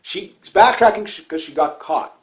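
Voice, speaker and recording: A man's voice: high voice, lively intonation, moderate pace, poor audio. A man from Canada giving casual solo political commentary, rambling with frequent fillers and restarts, opinionated and dismissive.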